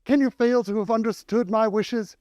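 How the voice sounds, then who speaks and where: A man's voice: high voice, steady tone, moderate pace, darkish tone, dry recording, clean studio sound, pitched above the performer's own voice, lightly acted. A man voicing a jovial male android with a pirate swagger that glitches into a formal, old-fashioned lilt. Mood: solemn.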